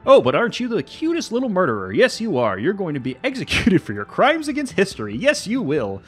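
A man's voice: high voice, wildly swooping pitch, fairly quick, breathy edge, soft background music, voice pushed up, full character voice. A man putting on a cooing, mocking young woman. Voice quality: sing-song, cooing.

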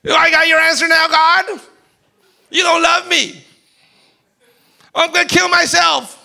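A man acting out a self-pitying man who cries out at God in loud, whining complaint. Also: very high voice, a little slow, pitched above the performer's own voice, exaggerated voice. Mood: anguished.

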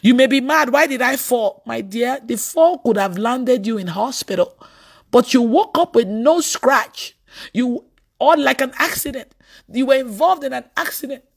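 A woman preacher delivering an animated sermon, telling stories with bursts of laughter and sudden shouts. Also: on the high side, moderate pace, gravelly, husky.

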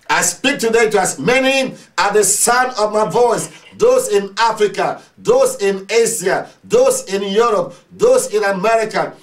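A man's voice: high voice, distant mic. A man preaching a sermon, leading the congregation in call-and-response prayer with emphatic, repetitive declarations.

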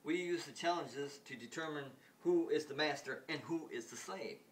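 A scornful young alien ruler proclaims his words with lofty arrogance, pitched up and loud, as a man reads him out. The mic sits a little distant, with a faint hum of ambience behind. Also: moderate pace, natural voice. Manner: proclaiming quoted lines louder and higher.

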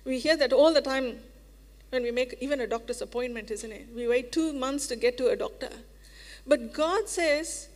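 High-voiced woman preaching in a reverberant church. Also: darkish tone. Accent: Indian English. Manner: earnest, repeats phrases for emphasis, slows on quoted words. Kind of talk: sermon. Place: church sanctuary. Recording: long hall reverb.

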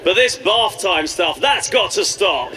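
A man's voice: high voice, lively intonation, a little slow. Brief: a man voicing a stern, scolding partner, live club noise in the background. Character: stern scolding girlfriend laying down rules.

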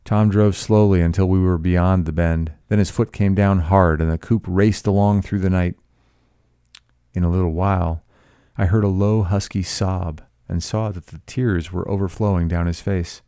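Male narrator, measured classic-lit reading, deep smooth voice, dry close sound. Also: fairly even intonation, mellow, no echo. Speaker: audiobook reader. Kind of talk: scripted novel narration.

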